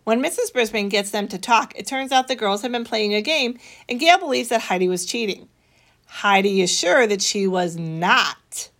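A woman reading a children's story aloud, expressive, with a bright, animated delivery. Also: moderate pace. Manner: expressive, voices the children's dialogue higher.

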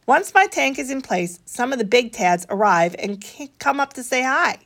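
A woman reads a children's storybook aloud in an expressive, animated way. Her voice sits fairly high and moves a lot in pitch as she tells the story. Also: moderate pace, hardly any pauses. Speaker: narrator reading a children's book aloud. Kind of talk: storybook reading.

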